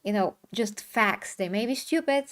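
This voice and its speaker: A woman's voice: medium pitch, normal speed, fairly bright tone. Chatty woman hosting a discussion. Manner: rambling, restarts mid-sentence, reads viewer comments aloud. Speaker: host. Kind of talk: casual chat.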